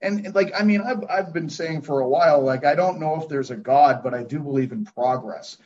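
A man's voice: a little high, brisk, a little mellow. Man host musing, dull lo-fi sound. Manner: rambling, reflective, swears casually. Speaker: podcast host. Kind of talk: casual interview chat. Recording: dull lo-fi recording.

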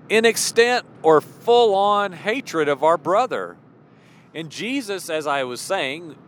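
Outdoors near traffic, a man preaches an informal, conversational sermon, posing rhetorical questions and acting out imagined voices. His voice sits on the high side and sounds a bit bright.

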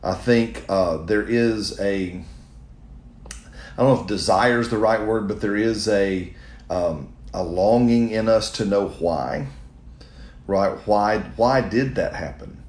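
Speaking slowly in a fairly low, darkish voice, a middle-aged pastor takes up a question in a roomy-sounding space. He's earnest and conversational in a sermon-like way, restarting at times and appealing directly to listeners.

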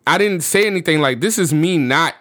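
A man's voice: fairly high pitch, brisk, no echo, studio quality. A man from the United States, a podcast guest, telling a personal story casually and with animation. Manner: animated, with frequent fillers like "you know what I'm saying".

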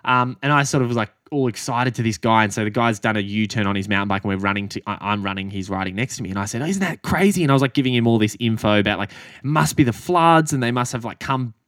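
Low-voiced Australian man telling a story. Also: quick pace, no echo, clean studio sound. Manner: animated, swears freely, acts out quotes. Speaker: podcast co-host and running coach. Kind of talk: casual storytelling chat.

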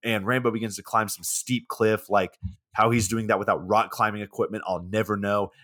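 A man's voice: on the low side, fairly even intonation, fairly quick, fairly bright tone. A man hosting a casual podcast, retelling a film's plot in a laid-back, wry way with plenty of swearing. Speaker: podcast host. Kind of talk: casual movie plot recap.

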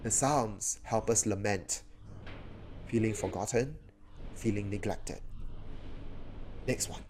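A man preaching a sermon, animated, often raising his voice to act out cries of the psalms. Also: on the low side, slow pace, noisy background. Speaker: pastor.

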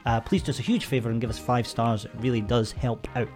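Man, podcast co-host, casual chat, animated storytelling, frequent swearing. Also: mid-range voice, quick pace, soft background music. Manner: animated storyteller, swears freely, bursts into loud impressions.

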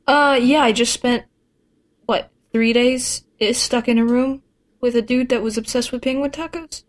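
A woman's voice: a little high, fairly even intonation, moderate pace, pitched above the performer's own voice, natural voice. A woman voicing a broke, wisecracking freelancer who hesitates and fills the talk with ums and jokes. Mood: casual. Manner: hesitant, full of fillers, joking.

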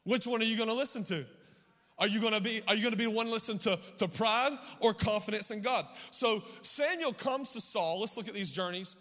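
Hoarse, high-voiced preacher man. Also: fairly quick, sharp tone, in a large hall. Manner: rhythmic preaching with call-outs to the congregation. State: hoarse, voice worn from yelling. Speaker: pastor. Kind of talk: sermon.

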